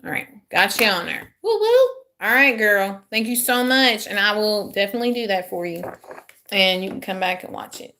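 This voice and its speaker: A woman's voice: medium pitch, normal speed, bright, forceful tone, slight background noise. A woman, chatting casually to viewers on a live stream as a tarot reader, talking to herself and joking about her own struggles with technology. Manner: chatty, self-deprecating, talks to herself while fixing tech.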